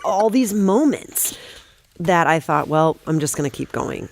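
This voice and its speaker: A woman guest on a podcast, telling stories in a rapid, animated way and swearing freely. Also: low voice, vocal fry. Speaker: guest, comedic actress. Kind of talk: casual podcast storytelling.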